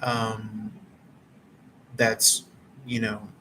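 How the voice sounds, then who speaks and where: Laid-back, monotone man rambling by a campfire. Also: on the low side, drawn-out words, slight background noise, rough recording. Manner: laid-back, meandering, many fillers. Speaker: tarot reader. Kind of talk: casual rambling chat. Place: outdoors around a campfire.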